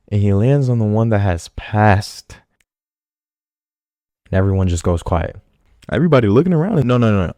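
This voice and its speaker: A man giving a casual reaction commentary on a TV drama, animated and joking, with slangy talk. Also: on the low side, vocal fry, dry recording, clean studio sound.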